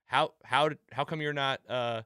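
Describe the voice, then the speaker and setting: A man's voice: mid-range voice, moderate pace, clean tone, no echo, studio quality. A man hosting a casual podcast recap, acting out quoted lines as he talks. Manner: animated, acts out quoted lines. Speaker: podcast host.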